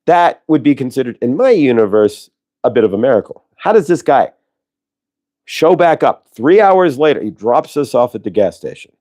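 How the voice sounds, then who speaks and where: A man's voice: medium pitch, very animated, moderate pace, warm tone. A middle-aged man hosting a show, telling a story casually with many fillers and asides. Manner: rambling, lots of fillers and asides. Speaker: host.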